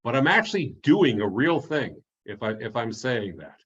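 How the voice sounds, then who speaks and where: A man's voice: mid-range voice, sing-song, moderate pace, a bit bright, husky, highs cut off. A man giving an online talk as an author, telling anecdotes in a chatty way, often restarting and chuckling at his own stories.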